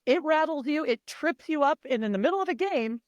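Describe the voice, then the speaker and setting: A middle-aged woman who works as a mental performance coach speaks in a casual interview with a high, animated voice at a slightly fast pace. She's emphatic and blunt and swears freely, with no room sound.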